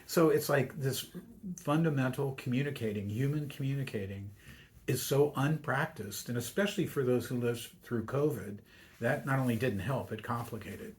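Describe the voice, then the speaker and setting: An older man at a middle pitch talks as a guest on a radio show. He speaks in a reflective, story-telling way and slips into the voices of the people in his anecdotes. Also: moderate pace. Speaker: university chaplain, Jesuit priest.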